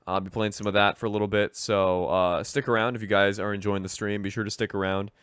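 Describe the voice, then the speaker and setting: A man's voice: lowish voice, flat delivery, fast, a bit bright, smooth, dry recording, studio quality. A young man chatting casually as a game streamer, rambling with lots of fillers. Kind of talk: casual gaming commentary.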